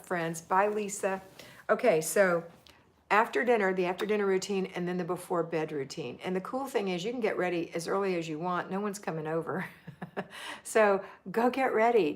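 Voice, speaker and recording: A woman's voice: lowish voice, brisk. A middle-aged woman hosting a live homemaking chat, reading viewer comments aloud and cheering them on. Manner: chatty and encouraging, reads comments aloud.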